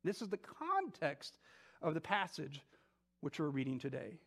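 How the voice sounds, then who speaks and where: Man, higher voice, pastor, sermon, conversational, animated, restarts. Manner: animated, with quoted scripture spoken slowly.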